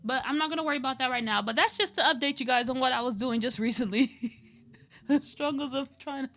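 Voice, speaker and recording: High bright giggly woman streamer. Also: fast. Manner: chatty, laughs often, nervous giggly energy. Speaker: art livestreamer. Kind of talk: casual chat while drawing.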